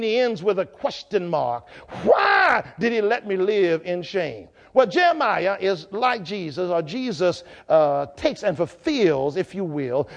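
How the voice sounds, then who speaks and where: High-voiced preacher building to shouts. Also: male voice, muffled recording. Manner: rhythmic, building to shouted climaxes. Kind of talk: sermon.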